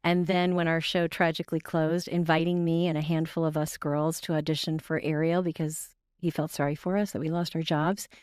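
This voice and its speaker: Bubbly woman with a smooth voice. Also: low voice, flat delivery, a little mellow, dry recording, studio quality. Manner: bubbly, laughs often, quick storytelling. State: tired from little sleep. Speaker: guest voice actress and singer. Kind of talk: casual podcast chat.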